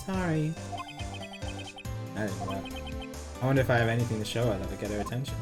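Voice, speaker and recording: A woman with a low voice that still moves around a lot, chatting through a game as she plays. She reads the lines aloud with giggly asides, game music running behind her. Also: lively intonation, fast, pauses often. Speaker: streamer. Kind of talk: casual let's-play commentary.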